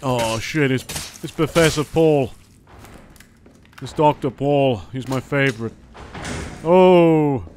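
A man giving gameplay commentary as a let's play host; he is excitable and jokey and swears a lot. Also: mid-range voice, unhurried, pauses often, slight background noise.

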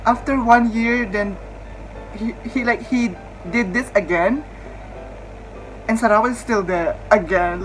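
A young woman with a Filipino accent reacting to a show, squealing, swearing and bursting into shouts and laughter. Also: on the high side, a little slow, long pauses, over music, poor audio. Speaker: reaction vlogger. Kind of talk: excited reaction commentary.

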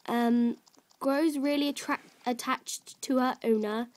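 A woman's voice: high voice, fairly even intonation, unhurried, a little mellow. A woman chatting casually and rambling with many fillers while she shows off her virtual pets. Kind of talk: casual gameplay chat.

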